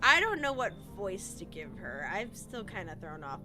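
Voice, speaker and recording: A woman giving gameplay commentary as a streamer, animated, swearing and thinking out loud. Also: mid-range voice, moderate pace, over music. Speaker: gaming streamer.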